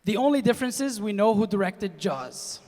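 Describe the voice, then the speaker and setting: On a comedy stage in a large hall, a young Kuwaiti man performs stand-up for a live audience, animated and slipping into other people's voices as he tells stories. His voice sits high and he speaks at normal speed. Long hall reverb rings through the show.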